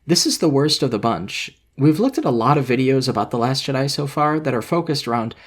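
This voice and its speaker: Guy reading his video essay, calm and analytical, middle pitch. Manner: measured, analytical. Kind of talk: scripted video essay narration.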